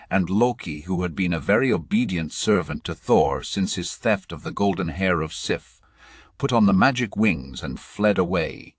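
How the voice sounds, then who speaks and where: A man narrating a storybook audiobook in a measured, dramatic reading. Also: sits low, expressive, husky, no room sound, studio quality.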